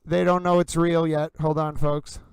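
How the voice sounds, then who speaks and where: A man hosting a live commentary stream, excitedly reacting in real time and constantly addressing his viewers as "ladies and gentlemen.". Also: fairly high pitch, normal speed, vocal fry, clear, resonant tone, no echo, poor audio. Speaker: livestream host.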